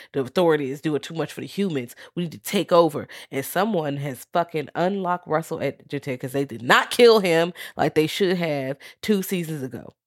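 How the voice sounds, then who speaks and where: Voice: medium pitch, dry recording. A podcast co-host in casual chat, recapping plot points bluntly. The voice sits dry and close on the mic, and the swearing comes thick and easy.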